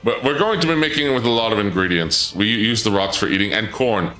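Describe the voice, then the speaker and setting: A man live-streaming, chatting with his viewers in an excitable, stammering way, his voice often leaping up when surprised. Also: fairly low pitch, fast talker. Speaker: livestreamer. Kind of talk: live-stream chat banter. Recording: echoey room with game music behind.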